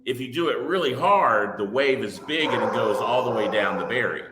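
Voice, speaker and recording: A man's voice: medium pitch, moderate pace, roomy sound, heavy background noise. A man, a paranormal investigator, explaining his methods in a casual interview and building each point with everyday analogies.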